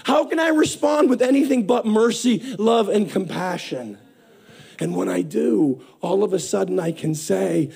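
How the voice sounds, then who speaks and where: A middle-aged man preaching a sermon, impassioned, swinging between hushed and emphatic delivery. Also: high-pitched, unhurried, vocal fry, husky.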